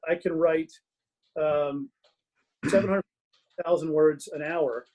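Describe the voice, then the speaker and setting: A man's voice: a little high, steady tone, takes it slowly, dark tone, low-quality recording. A middle-aged man in a casual interview as a guest author, telling self-mocking stories from his home den and laughing through them.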